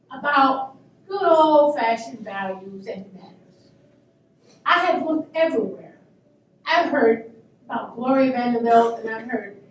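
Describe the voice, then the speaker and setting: Woman, 60s, lively high-pitched storyteller at a luncheon, heard from a distance in a reverberant room. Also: slight background noise. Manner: animated, emphatic, laughing asides. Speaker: panel guest. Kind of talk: anecdotal storytelling. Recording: echoey room, speaker far from mic.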